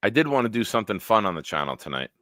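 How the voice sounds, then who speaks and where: Rich: A man hosts a live stream with energetic, joking chatter. His low voice has a bright edge and leaps up and down in pitch. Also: very fast, no echo, clean studio sound. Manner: animated, joking, swears freely. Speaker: host of a sports live stream. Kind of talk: casual live-stream banter. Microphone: home setup on a video call.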